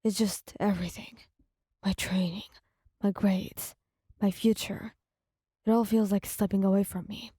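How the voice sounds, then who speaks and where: A man's voice: high-pitched, level tone, unhurried, pauses often, mellow, husky, no room sound, clean studio sound. Woman doing a growling, pressured young hero. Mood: frustrated. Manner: clipped, growling, then remorseful. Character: angry young male hero student under pressure. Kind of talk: audio story role-play.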